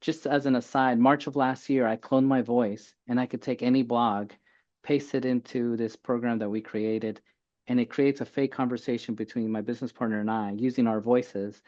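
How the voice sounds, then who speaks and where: Energetic middle-aged man, dull lo-fi sound. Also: medium pitch, normal speed. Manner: energetic, explanatory. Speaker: physician guest. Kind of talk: casual interview chat.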